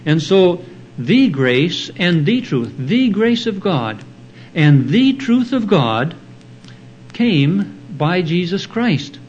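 A man preaching an expository sermon, explaining Bible verses in a slow, deliberate teaching manner. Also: sits high, big pitch swings, darkish tone, dull audio, a little hiss or hum. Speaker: pastor.

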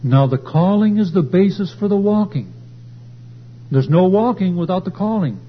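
A man preaching a sermon at a church service, swelling louder and higher as he drives his points home. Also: animated, normal speed, breathy edge. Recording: dull lo-fi recording with faint hum.

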